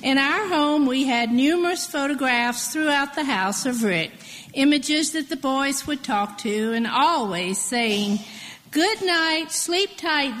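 Lady with a high voice reading her family story, long reverb, soft music behind.

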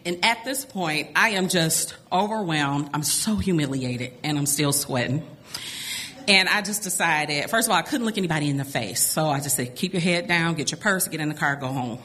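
Middle-aged woman, live storyteller, bright and forceful tone, animated, quick to laugh. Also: on the low side. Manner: animated, laughs often between lines.

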